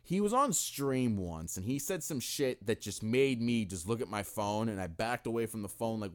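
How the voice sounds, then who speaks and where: A man's voice: on the low side, moderate pace, few pauses. A young man co-hosting a podcast in a casual, profane, joking chat. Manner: animated, profane, jokey. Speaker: podcast co-host.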